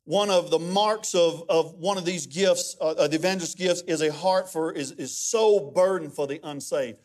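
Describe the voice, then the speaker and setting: Pastor guy preaching, pretty high voice, jokey storyteller, lots of "i mean". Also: normal speed. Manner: animated, humorous storytelling with many restarts. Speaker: guest pastor. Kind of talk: sermon.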